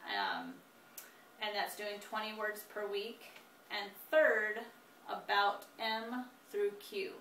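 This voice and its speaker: A woman in her thirties teaching spelling, dictating words slowly and deliberately with frequent fillers. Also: medium pitch, expressive, fairly bright tone. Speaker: homeschool teacher. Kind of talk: instructional demonstration. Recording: echoey room, distant mic, faint noise.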